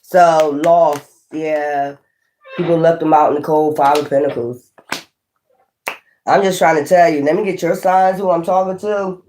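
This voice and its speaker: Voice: mid-range voice, steady tone, a little mellow. Laughing, swearing tarot reader. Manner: laughs often and swears casually; acts out imagined people in quick asides. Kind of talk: casual tarot reading.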